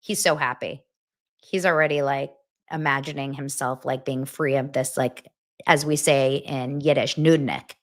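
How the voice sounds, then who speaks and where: A woman hosting a pop culture show who recaps reality TV in a blunt, profane, animated style. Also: extremely low pitch, moderate pace. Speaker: pop culture podcast host. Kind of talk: casual gossip recap.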